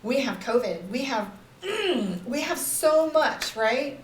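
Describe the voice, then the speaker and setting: A woman's voice: high-pitched, very animated, slow pace. Woman, life coach type, chatty live-stream host; candid and rambling, faint room noise behind her. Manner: candid, rambling, frequent "like" and "right?". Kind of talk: casual live-stream talk to viewers. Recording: roomy echo, somewhat far from the mic.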